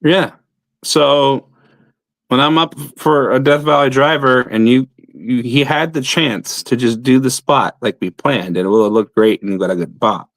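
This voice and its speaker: A man's voice: medium pitch, unhurried, fairly bright tone, no room sound. Blunt, profane man telling a story. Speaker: pro wrestler guest. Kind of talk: casual storytelling.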